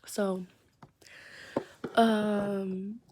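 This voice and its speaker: A woman's voice: mid-range voice, little pitch movement, drawn-out words, noisy background. Chatty teen girl telling a storytime. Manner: chatty, rambling, drops into whispers for secrets. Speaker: vlogger. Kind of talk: casual storytime chat.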